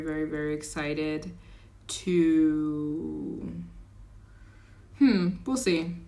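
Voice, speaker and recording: On her travel livestream, a woman chats loosely, reading donations aloud, answering viewers and drifting into rambling asides. Her voice sits a little low, her manner is easy and chatty, and at times she slips into a put-on accent.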